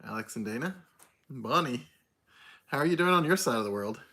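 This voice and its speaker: A man's voice: mid-range voice, lively intonation, brisk, bright, forceful tone. A tired man with a slightly stuffy nose, hosting a casual livestream and greeting viewers by name. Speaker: livestream host.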